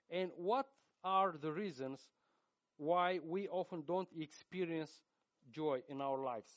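A man preaching a sermon in English with a Russian accent, his first language Romanian. He speaks slowly and haltingly, voice a touch higher than most men's. The recording sounds dull and muffled. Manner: slow, halting delivery with frequent fillers and restarts.

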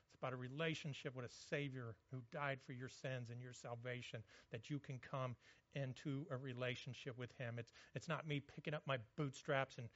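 A man's voice: medium pitch, fairly bright tone, no room sound, lo-fi sound. A male pastor giving a conversational sermon, often repeating words as he goes.

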